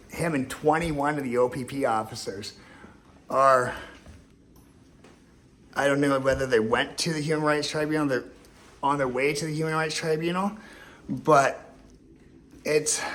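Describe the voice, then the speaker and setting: Guy ranting into his camera, kinda high voice, all over the place, swears a lot, emotional. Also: fairly bright tone. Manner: rambling, profane, emotional and repetitive. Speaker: vlogger.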